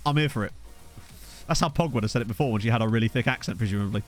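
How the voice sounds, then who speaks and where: A man's voice: on the low side, racing, soft background music. A young man chatting casually while streaming a game, joking about viewers' names and reading the chat. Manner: jokey, riffing on viewers' names.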